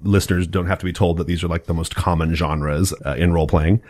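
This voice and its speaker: A man hosting a casual podcast chat, gushing with excitable, profane enthusiasm. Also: sits low, quick pace. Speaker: podcast host.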